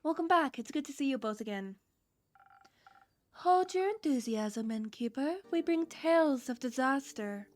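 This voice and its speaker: A woman's voice: sits high, lively intonation, unhurried, darkish tone. A woman playing a gracious innkeeper. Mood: welcoming. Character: gracious female innkeeper serving magic drinks.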